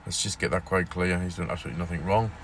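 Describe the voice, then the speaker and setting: A man's voice: low-pitched, racing, noisy background. A man hosting his own casual news vlog, rambling and repeating himself with fillers as he talks. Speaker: vlogger.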